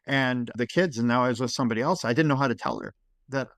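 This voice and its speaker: A man in his forties, a podcast guest telling his story in a casual, emotional and animated way. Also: mid-range voice, quick pace, no room sound. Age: 40s. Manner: emotional, animated storyteller who acts out dialogue.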